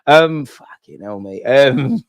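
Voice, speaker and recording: A young man hosting a live football reaction stream, excitable and slangy, swearing and reading chat aloud. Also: medium pitch, slow. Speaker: football fan channel host.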